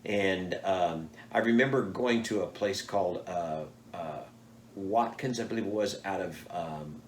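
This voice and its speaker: Older male storyteller, animated, acts out his quotes, roomy echoey recording. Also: low-pitched, unhurried, a little hiss or hum. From United States. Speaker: father telling stories. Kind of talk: casual storytelling. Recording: echoey room.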